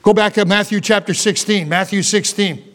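A pastor preaches a sermon to his morning congregation, animated and full of asides, often repeating words and restarting sentences. His voice is high-pitched and his speed normal.

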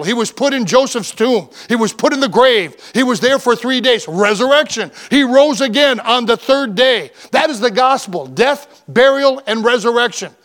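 A man's voice: extremely high pitch, fairly bright tone. A male pastor preaching a fervent sermon, repeating words and lists for emphasis and reading scripture aloud. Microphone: church microphone, broadcast on radio.

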